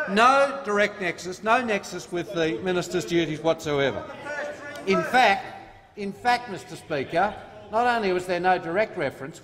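An Australian member of parliament gives a combative debate speech, reading out the rules from the rulebook. His voice sits high with a sharp tone. The large parliament chamber gives the recording a long, hall-like reverb.

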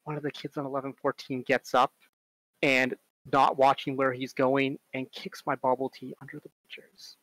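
A man giving a casual conference talk, chatty, full of fillers, and animated when he tells stories. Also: mid-range voice, moderate pace, dry recording, low-quality recording. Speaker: conference speaker on robotics strategy.

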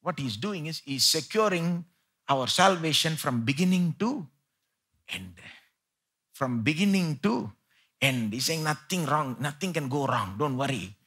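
A man with an Indian English accent preaching a live sermon in church, moving between loud emphatic peaks and quiet low asides. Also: lively intonation, unhurried, husky. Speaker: pastor.

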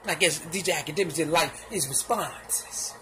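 A man giving casual, animated gossip commentary in slangy talk, laughing and acting out what others said. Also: on the high side, moderate pace, a little hiss or hum. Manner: sound effects and repeated filler phrases.

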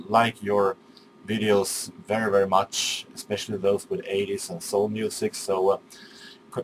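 Low-voiced man, halting speech. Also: slight background noise. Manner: halting, many fillers and restarts; polite and apologetic. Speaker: YouTube channel owner. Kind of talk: casual video message.

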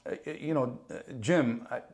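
Animated man telling stories. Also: mid-range voice, moderate pace. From New Jersey. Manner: animated, acts out quoted voices, swears casually. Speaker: guest actor. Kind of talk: casual interview storytelling.

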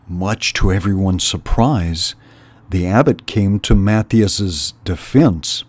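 A man reading a children's novel aloud in an unhurried, deliberate way, as host of a storytime channel. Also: low voice, a little mellow.

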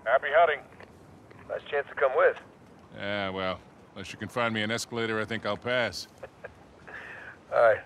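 A gravelly old mentor. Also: male voice, on the low side, moderate pace, pauses often, fairly bright tone, slight background noise, poor audio. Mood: wry. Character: older male treasure-hunter mentor, wry and weathered. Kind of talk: video game cutscene acting.

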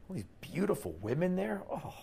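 A middle-aged man from the United States telling stories in an interview in an animated way, quoting the people he met. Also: high-pitched, brisk, creaky, husky. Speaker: interview guest.

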